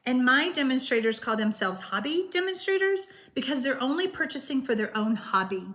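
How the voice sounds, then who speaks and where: A woman's voice: high voice, big pitch swings, a little fast, fairly bright tone. A woman hosting a live-streamed card-making class, chatting loosely with viewers and answering their comments, with frequent hesitations.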